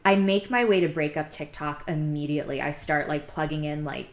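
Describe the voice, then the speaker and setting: A woman's voice: sits low, a little fast. A young woman casually telling a personal story, rambling and candid, with many fillers. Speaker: podcast host telling her own story.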